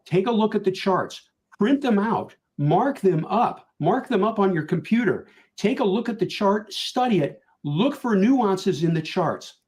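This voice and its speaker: A man's voice: high voice, expressive, measured pace, few pauses, a little mellow. An older man speaking earnestly as a panelist on a video call, repeating his key points for emphasis. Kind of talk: virtual conference panel talk.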